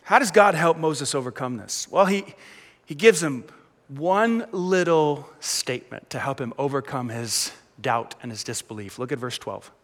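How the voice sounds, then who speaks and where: A man's voice: mid-range voice, lively intonation, normal speed. A man preaching a sermon to a large congregation, talking conversationally and quizzing the crowd. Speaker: pastor. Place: large auditorium. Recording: long reverb of a large hall.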